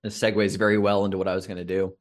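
A man serving as game master, narrating a tabletop role-playing game in a slow, deliberate storytelling manner with dramatic pauses. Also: low voice, level tone.

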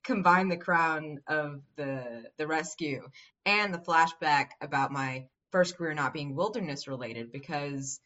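A woman's voice: low-pitched, sharp tone. A woman telling a character backstory in a casual, joking way with fillers, heard from a distant, dull-sounding mic. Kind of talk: improvised character backstory narration.

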